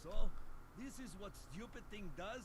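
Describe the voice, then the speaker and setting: A man's voice: sits high, expressive, moderate pace. A man voicing a grumpy talking bear in a video game, who speaks in broken English and heaps scorn on everything. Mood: scornful grumbling. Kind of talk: video game character dialogue.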